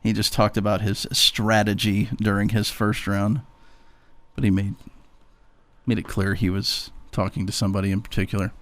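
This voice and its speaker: A man co-hosting a sports radio show, chatting casually and briskly reading calendar items while teasing his co-host. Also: lowish voice, flat delivery.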